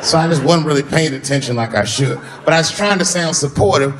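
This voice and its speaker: A man's voice: on the high side, brisk, fairly bright tone. A man doing a stand-up comedy set, telling a long story and acting out the people in it. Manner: storytelling with acted-out voices, profane. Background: audience laughter.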